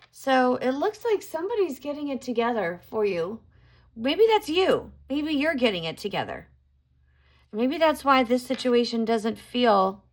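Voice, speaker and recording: A middle-aged woman talks through a tarot reading in a casual, musing way. Her voice sits a little high, and she breaks into surprised exclamations as she turns cards over. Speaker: tarot card reader.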